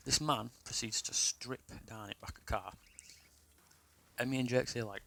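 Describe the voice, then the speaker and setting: A man's voice: medium pitch, fairly even intonation, moderate pace, vocal fry, sharp tone, a little hiss or hum, poor audio. A young man, telling a rambling, sweary personal story in a casual way. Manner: rambling, sweary, restarts a lot.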